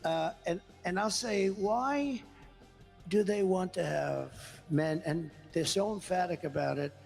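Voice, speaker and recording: A man's voice: high voice, unhurried, vocal fry, a little mellow, faint music behind. A man as an interview guest, speaking about politics in an emphatic, repetitive, rambling way. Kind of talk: interview conversation.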